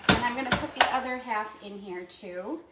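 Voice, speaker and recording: A woman's voice: a little high, normal speed, echoey room, distant mic, very noisy. A woman giving a chatty step-by-step cooking demonstration in a kitchen. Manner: chatty step-by-step instructions with fillers.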